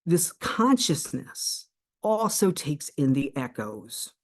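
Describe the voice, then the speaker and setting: A woman's voice: low voice, very animated, takes it slowly. Earnest woman explaining, checks in often. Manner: earnest and explanatory, checks in with a frequent "right?", restarts mid-phrase. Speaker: self-help coach and channel host. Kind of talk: spiritual self-help teaching monologue.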